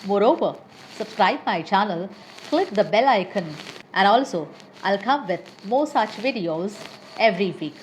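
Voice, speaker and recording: A woman English teacher giving a lesson, listing example words slowly and carefully. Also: medium pitch, lively intonation, a little hiss or hum, low-quality recording. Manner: slow, deliberate word-by-word listing.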